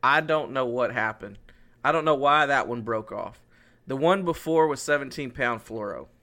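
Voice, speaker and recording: A podcast co-host with a mid-range male voice talks at a normal speed. In casual conversation he tells a story with real animation, acting out both his own lines and what other people said.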